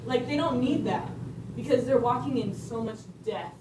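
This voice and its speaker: Speaking at normal speed on the high side, a woman gives a faith testimony at a conference in an earnest, storytelling way with laughter between lines. The recording comes from an echoey conference room via a distant mic, with background noise.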